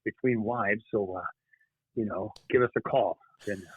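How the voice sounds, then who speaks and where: A man doing an impression of a gruff aging male movie cowboy star, speaking in a slow, low, dry growl. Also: no echo. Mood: flirty. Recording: tinny phone-like line.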